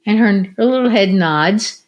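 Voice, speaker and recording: Older woman telling lively stories. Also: mid-range voice, unhurried. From United States. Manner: animated storyteller who acts out quotes. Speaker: podcast guest, retired physical therapist. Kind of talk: casual storytelling interview.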